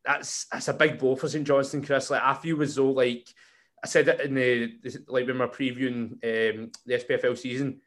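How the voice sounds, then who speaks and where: A man's voice: medium pitch, fairly bright tone. A man hosts a casual football podcast. He rambles along, restarting sentences and filling gaps with ums and likes. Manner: rambling, with frequent fillers and restarts. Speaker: podcast host.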